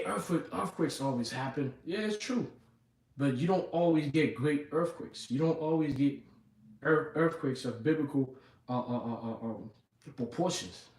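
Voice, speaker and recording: A man's voice: medium pitch, a little mellow. A man giving an informal sermon, reading scripture and talking it through conversationally with frequent asides to his listeners. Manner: conversational, repeats "you know what I'm saying" and "man". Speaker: preacher. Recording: echoey room, mic at a distance.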